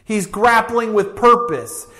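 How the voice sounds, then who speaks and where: High-voiced man preaching slowly. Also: expressive, pushed and bright. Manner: emphatic, slow, repetitive preaching cadence. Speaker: pastor. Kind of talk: sermon.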